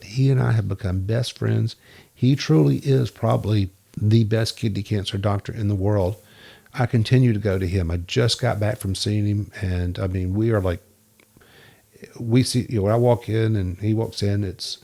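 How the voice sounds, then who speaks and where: A man's voice: fairly low pitch, normal speed, gravelly. A man guest on a podcast, telling stories in a casual interview and acting out the voices of people he quotes. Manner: lively storyteller who acts out quoted dialogue.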